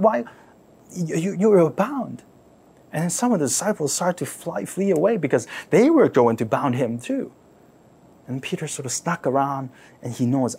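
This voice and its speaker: A man preaching, retelling a story dramatically, repeating phrases and asking listeners to imagine the scene, swinging from loud outbursts to near-whispers. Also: fairly high pitch, lively intonation, normal speed, gravelly, slightly rough. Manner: repeats words and phrases for emphasis; asks listeners to imagine, rhetorical questions. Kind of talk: sermon storytelling.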